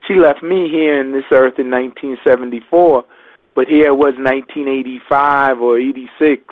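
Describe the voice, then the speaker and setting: An older man calls in over a tinny, phone-like line and tells a personal story. He is halting and reflective and keeps restarting his words. The sound is close and dry, with no room around it. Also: medium pitch, steady tone, dry recording. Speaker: guest.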